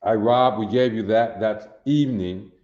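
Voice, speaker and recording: Teaching a language lesson over a livestream, a man in his sixties speaks folksily to his viewers and keeps asking whether they see it. His voice is lowish and darkish at a moderate pace, and the recording is muffled and roomy.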